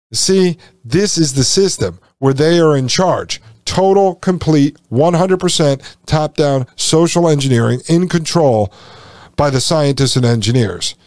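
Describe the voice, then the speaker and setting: Man, podcast host, folksy, sarcastic, reads and comments, higher-pitched voice, dry recording. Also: darkish tone, dry recording. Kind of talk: commentary reading and reacting to a text.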